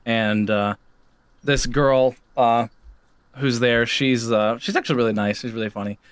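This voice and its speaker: A young man co-hosting a casual podcast, telling stories and acting out relatives in high voices. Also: measured pace, clear, resonant tone, no echo. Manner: animated storyteller, mimics relatives in high voices. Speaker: podcast co-host. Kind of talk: casual chat.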